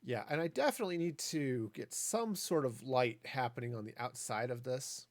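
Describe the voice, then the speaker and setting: A man's voice: mid-range voice, moderate pace, dry recording. A man streaming a building game, talking through his plans in a rambling way with jokey asides. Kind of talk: casual gameplay commentary.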